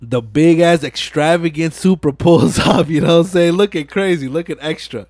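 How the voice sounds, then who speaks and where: A young man hosting a casual podcast, retelling movie scenes in an animated way and acting out the dialogue with lots of swearing. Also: fairly high pitch, normal speed, no room sound, clean studio sound. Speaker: podcast host. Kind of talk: casual chat.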